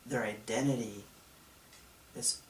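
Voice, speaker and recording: Man in his thirties, slow confessional testimony, mic set back in a roomy space. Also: medium pitch, steady tone, a little hiss or hum. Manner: reflective, confessional storytelling. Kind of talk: personal testimony vlog. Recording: echoey room, mic at a distance.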